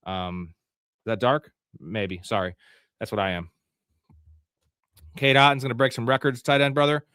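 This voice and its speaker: A man hosting a live fantasy football stream, reacting to a draft pick by pick with frequent swearing and sudden yelled outbursts. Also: mid-range voice, fairly even intonation, normal speed, clear, resonant tone, no room sound, studio quality. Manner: profane, frustrated, outbursts of yelling.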